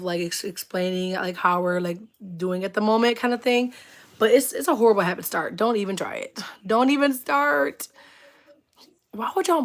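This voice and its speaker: Chatty woman rambling on a livestream. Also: mid-range voice. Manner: rambling storytelling full of "like", greeting chat viewers; expressive, laughs often. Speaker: livestream host. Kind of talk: casual livestream chat.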